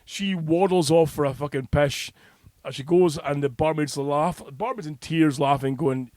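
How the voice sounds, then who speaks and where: Sweary Scottish man with raised pitch. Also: moderate pace, no echo, studio quality. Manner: sweary, animated anecdote-telling with laughs. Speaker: podcast co-host. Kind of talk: casual podcast chat.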